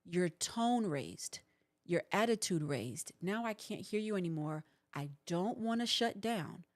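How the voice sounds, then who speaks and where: On a livestream, a woman in her forties who works as a host and counselor offers earnest relationship advice in a coaching style, acting out the things couples say. Her voice sits on the low side, lively but a little slow.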